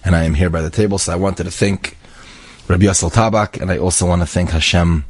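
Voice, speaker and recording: A man's voice: sits low, fairly even intonation, fast talker, husky, no room sound. A man voicing an earnest, humble, grateful young Israeli man in a spoken story.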